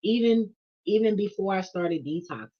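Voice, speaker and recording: A woman's voice: medium pitch, moderate pace, muffled recording. A woman vlogger, telling a casual monologue full of slang and swearing. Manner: animated, profane storytelling with slang.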